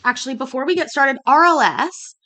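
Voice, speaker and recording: Woman, 30s, cooking vlog host, rambling casual chat, animated pitch, swears casually. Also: brisk.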